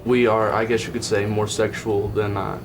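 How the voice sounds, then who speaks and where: A man's voice: fairly low pitch, flat delivery, normal speed. A young man with a Kentucky accent speaking hesitantly in a documentary interview, full of fillers. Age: young adult. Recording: noisy archive documentary clip.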